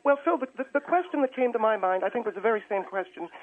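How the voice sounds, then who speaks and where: A man's voice: high voice, animated, quick pace, voice pushed up. A man voicing an insistent, self-righteous middle-aged woman calling in to a radio show. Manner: insistent, demanding, repeats herself. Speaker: caller. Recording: tinny phone line.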